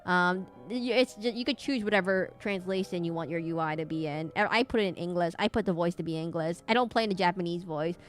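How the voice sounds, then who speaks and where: A woman's voice: on the low side, quick pace, few pauses, faint music behind. A young woman streaming a game, chatting casually and thinking aloud in a rambling way. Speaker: VTuber streamer. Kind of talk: casual gaming stream chat.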